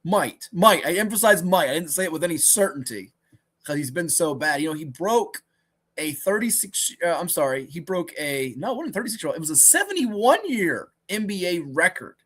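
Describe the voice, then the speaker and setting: Excitable husky-voiced sports talk host. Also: male voice, a little high, a little fast. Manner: excitable, stats-heavy, self-correcting.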